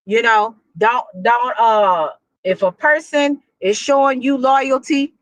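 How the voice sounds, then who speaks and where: A woman's voice: on the high side, fairly even intonation, slow pace, no room sound, poor audio. A woman with a Texan accent hosting a livestream, giving blunt, preachy relationship advice with lots of restarts. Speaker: livestream host. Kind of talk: casual livestream talk.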